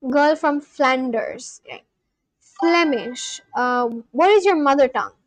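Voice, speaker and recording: Young woman streaming, high voice, chatty n laughy, super dry close sound. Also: animated, slow, no echo. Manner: chatty, laughs often, apologetic self-corrections. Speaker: livestream host. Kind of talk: casual chat reading live chat aloud.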